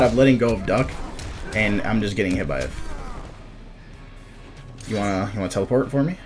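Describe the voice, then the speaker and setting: A young man giving live commentary over his fighting-game matches, casual and self-critical, muttering under his breath and then yelling out at big moments. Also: fairly low pitch, expressive, brisk, pauses often, soft background music. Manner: reactive, swings from muttering to sudden shouts. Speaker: gameplay commentator.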